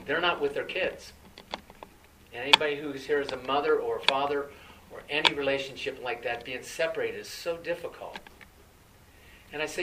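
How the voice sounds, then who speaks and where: A man gives a conversational sermon, often turning to his listeners with questions. His voice sits a little high for a man. He is picked up from some way off the mic, with a faint hiss under him. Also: a bit bright, far from the mic, poor audio. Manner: conversational preaching with rhetorical questions. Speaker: preacher.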